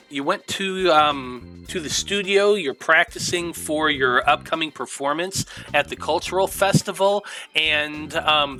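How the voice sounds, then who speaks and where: Bright-voiced man running a tabletop game. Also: on the high side. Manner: relaxed, full of fillers, upbeat. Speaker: game master.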